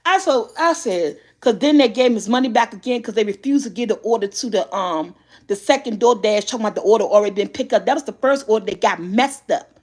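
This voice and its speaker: A middle-aged woman vlogger telling a story in a casual chat, animated and often laughing. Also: fairly high pitch, quick pace.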